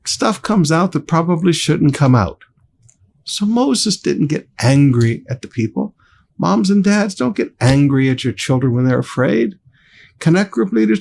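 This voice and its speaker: A male pastor preaches with emphatic, rising and falling delivery, his voice lively and sweeping. There's a gravelly edge in his tone, and he sits a bit above the usual male pitch. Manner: emphatic preaching, addressing the congregation directly. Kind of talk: sermon.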